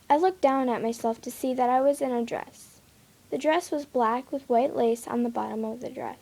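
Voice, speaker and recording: Young woman, story reader, slow, gravelly, higher voice, small slips. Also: dark tone. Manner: unhurried amateur reading with small slips. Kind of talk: reading a fan story aloud.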